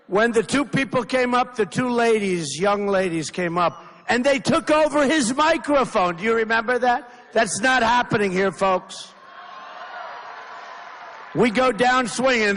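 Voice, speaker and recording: A man's voice: extremely high pitch, bright, forceful tone, slight background noise. Rambling male candidate in echoing hall. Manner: rambling, repetitive, emphatic. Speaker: political candidate. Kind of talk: campaign rally speech. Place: large rally venue. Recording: long reverb of a big hall.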